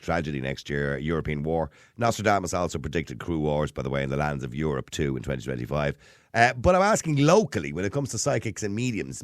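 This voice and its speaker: An Irish man hosting a radio phone-in, his pitch swinging widely as he talks fast and laughs along with callers. The studio sound is dry and close. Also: dry recording. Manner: lively, quick, laughs often.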